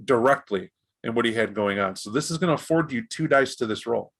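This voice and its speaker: A man narrating as game master of a tabletop role-playing game, animated and jumping into characters' voices. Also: medium pitch, brisk. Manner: animated, voices gang members in bursts.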